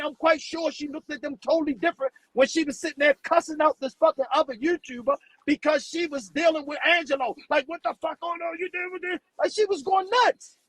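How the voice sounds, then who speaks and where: In a rough, dry recording, a man with a very high-pitched voice rants bluntly and profanely on his live stream. The more riled he gets, the more he stumbles over repeated words in this heated tirade.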